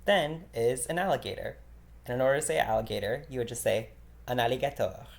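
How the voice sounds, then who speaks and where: Relaxed man teaching beginner vocabulary. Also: medium pitch, creaky. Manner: relaxed, filler-heavy explaining, repeating each word slowly. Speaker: French teacher.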